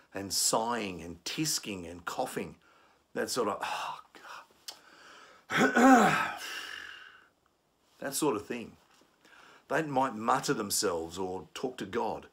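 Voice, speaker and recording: Husky, low-voiced trainer. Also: male voice, animated, normal speed, a bit bright. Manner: explanatory, acts out angry commuters. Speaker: conflict management trainer. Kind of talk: instructional talk.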